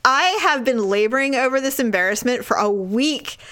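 Animated woman telling a story. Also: high voice, normal speed. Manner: animated storytelling, laughs often. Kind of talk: casual chat.

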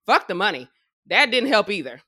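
A woman hosting a podcast in casual chat, animated and profane, laughing often. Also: mid-range voice, a little fast, husky, dry recording, studio quality. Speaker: podcast host. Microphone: video call.

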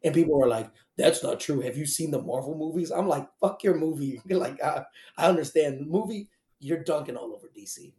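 A man chatting on a casual podcast, loud and profane, often laughing through his points. His voice sounds mellow and dark, and the room around him is echoey. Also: fairly high pitch, a little fast. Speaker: podcast co-host.

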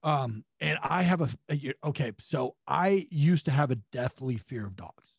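Animated storytelling man, husky voice. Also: medium pitch, a little slow, no room sound. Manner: animated, acts out quotes with voices and laughs. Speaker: pro wrestler guest. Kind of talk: storytelling anecdote.

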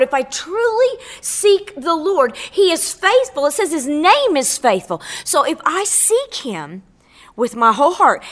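Fervent woman giving her testimony. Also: high voice. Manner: fervent and preacherly, swells on key phrases, repeats words. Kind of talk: impassioned spoken testimony on radio.

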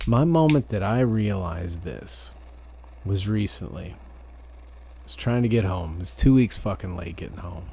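A truck driver giving a profane, ranting podcast monologue. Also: male voice, low voice, measured pace, a little mellow.

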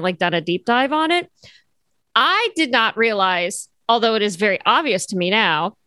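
A woman's voice: mid-range voice, sharp tone, dry recording. A woman co-hosting a podcast, chatting casually and joking, with lots of fillers. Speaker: podcast co-host. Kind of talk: casual chat.

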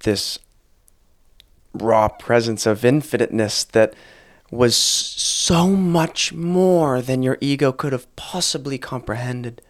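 A man's voice: medium pitch, slow. A man hosting a podcast, chatting casually in an earnest, reflective and wry way about spirituality. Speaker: podcast host.

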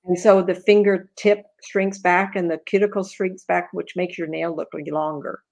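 An older woman in a casual chat, once a cemetery tour guide, explaining things plainly with lively interjections. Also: fairly low pitch, normal speed, creaky.

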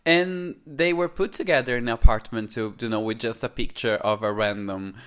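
A man co-hosting a podcast in casual chat, gushing and excitable, tripping over his words. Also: medium pitch, normal speed, smooth. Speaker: podcast co-host.

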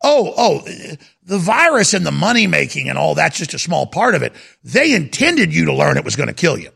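A man's voice: fairly high pitch, sing-song, moderate pace, gravelly, fairly bright tone, slightly rough. A man hosting a talk radio show, talking in an emphatic, rambling monologue that repeats itself. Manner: emphatic, repetitive, insistent.

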